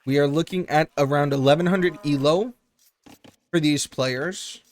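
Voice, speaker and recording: A man casting a strategy game tournament live on stream, chatty and joking with quick asides. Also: a little high.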